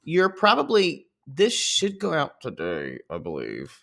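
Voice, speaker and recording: A man's voice: on the high side, huge pitch swings, a little slow, vocal fry, fairly bright tone. A man co-hosting a casual podcast, laughing easily and joking at his own expense. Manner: giggly, self-mocking banter. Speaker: podcast co-host. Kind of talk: casual chat.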